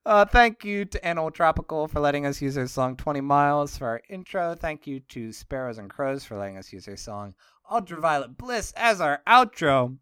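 A man's voice: on the high side, big pitch swings, normal speed, fairly bright tone, clean tone, no echo, clean studio sound. A young man hosting a comedy podcast, joking and laughing as he chats with his co-hosts. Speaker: podcast host. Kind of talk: casual comedic chat.

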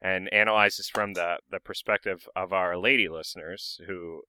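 A man co-hosting a casual comedic chat, tossing in dry deadpan quips. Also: low-pitched, moderate pace, clear, resonant tone. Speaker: podcast co-host.

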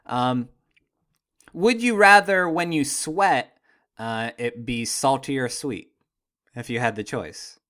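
A man co-hosting a casual podcast chat, tossing out jokey, deadpan asides. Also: medium pitch, slow pace, long pauses. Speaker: podcast co-host.

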